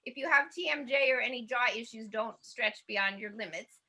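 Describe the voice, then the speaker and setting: A woman's voice: fairly high pitch, normal speed, bright, forceful tone. A woman leading a laughter yoga class, bubbly and cheerful, chanting and often laughing. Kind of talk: guided group exercise class.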